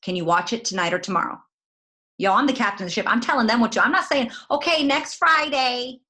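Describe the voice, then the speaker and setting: Woman, folksy, direct, animated motivational talk. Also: mid-range voice, rapid-fire. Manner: folksy, direct, animated, says "y'all" a lot. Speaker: guest network marketing leader.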